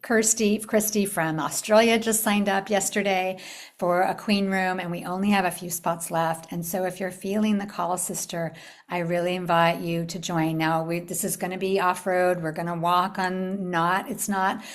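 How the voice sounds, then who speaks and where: A middle-aged woman from the United States hosting a live spiritual retreat talk, telling a story with upbeat invitations and soft, hushed stretches. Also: fairly low pitch, level tone, normal speed. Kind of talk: live online talk to a group.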